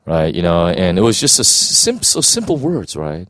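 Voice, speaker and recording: Brief: an earnest pastor sharing his story, lower voice swinging up and down with feeling. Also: huge pitch swings, moderate pace, hardly any pauses, fairly bright tone, no room sound. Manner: emotional, earnest, many restarts and "you know"s. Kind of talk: personal testimony in conversation.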